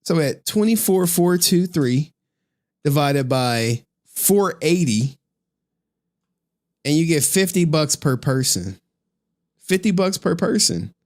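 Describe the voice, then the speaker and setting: A man's voice: a little high, lively intonation, slow, pauses often. A man doing a live stream and talking casually to his chat, profane, chatty and exasperated.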